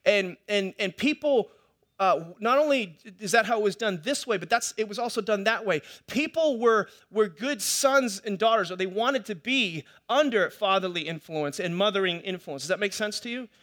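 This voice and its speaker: A man's voice: high voice, animated, moderate pace, fairly bright tone. A middle-aged male pastor preaching a sermon, telling stories in a chatty way with many restarts and repeated words. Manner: conversational storytelling, with many restarts and repetitions.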